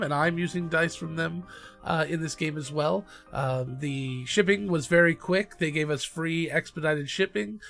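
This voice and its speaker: Relaxed man running a tabletop game. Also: a little high. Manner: relaxed, filler-heavy narration. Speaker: game master and host. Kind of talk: narrating a tabletop game podcast.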